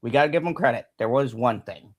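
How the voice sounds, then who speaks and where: Animated swearing man reviewing a show. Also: mid-range voice, fast. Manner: animated, swearing, laughs often. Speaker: podcast co-host. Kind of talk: casual review chat.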